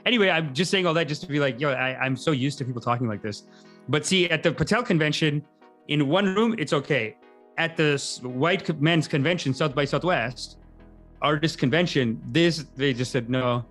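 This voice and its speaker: Higher-voiced man rambling comedically. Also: fairly bright tone, faint music behind. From Canada. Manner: rambling, tangent-prone, quick asides. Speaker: podcast host, comedian. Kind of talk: casual comedic monologue.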